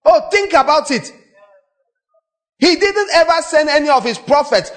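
A man preaching a sermon in a dramatic, animated way, acting out quoted voices and breaking into sudden shouts. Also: very high-pitched, a little slow.

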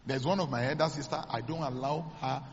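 A Nigerian man, a pastor, preaching a sermon as dramatic storytelling, acting out the dialogue with sudden high exclamations. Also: steady tone, brisk, big-room sound, muffled recording, background noise.

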